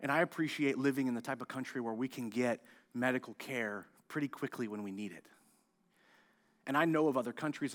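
A male pastor from the United States preaching a sermon, telling the story with animated, acted-out outbursts. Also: medium pitch. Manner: animated storytelling, acts out scenes, loud excited outbursts.

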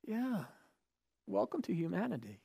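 Man, pastor, sermon, conversational, rhetorical questions, emphatic repetition, fairly high voice. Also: wildly swooping pitch, moderate pace, gravelly, mellow, husky.

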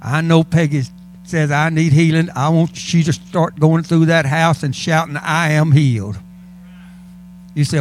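A man's voice: mid-range voice, fairly even intonation, normal speed, darkish tone, slight background noise. A male pastor preaching a sermon in a church, fervent and calling out to the congregation. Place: church sanctuary.

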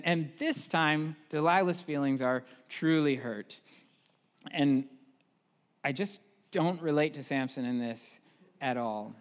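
A male pastor preaching a sermon in a church, retelling a story in casual, animated style with fillers. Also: fairly high pitch, in a large hall.

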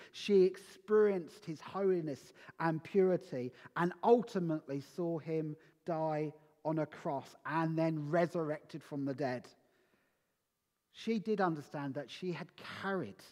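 A man preaching a Christmas sermon, slow and emphatic, with dramatic pauses between phrases. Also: on the high side, warm tone. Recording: long reverb of a large hall.

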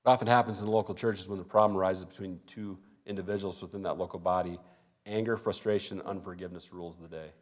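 A man's voice: deep voice, steady tone, quick pace. A male pastor preaching a sermon in a conversational way, acting out little everyday dialogues.

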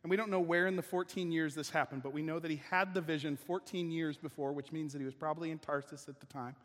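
A man's voice: a little high, fairly even intonation, fast, fairly bright tone. A man preaching a sermon as pastor, conversational and emphatic, often restarting his sentences. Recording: long reverb of a large hall.

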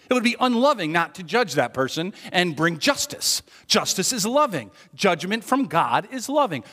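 A pastor delivering a sermon in a church hall with a long, lingering reverb. His voice sits a little high for a man. He talks to the congregation like a conversation, dropping to hushed confessions and then rising to loud, emphatic points. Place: church sanctuary.

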